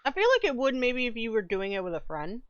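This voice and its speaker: A woman's voice: on the high side, very animated, fast, no echo, highs cut off. A woman streamer chatting casually with viewers while playing a game, laid-back and swearing freely, sometimes eating as she talks. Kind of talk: casual gaming stream chat.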